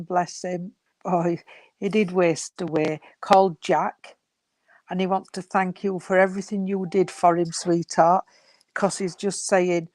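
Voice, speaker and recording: Low, flat-voiced woman. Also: no echo. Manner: affectionate, calls listeners sweetheart and darling. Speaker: medium. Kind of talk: giving spirit messages in an online healing service.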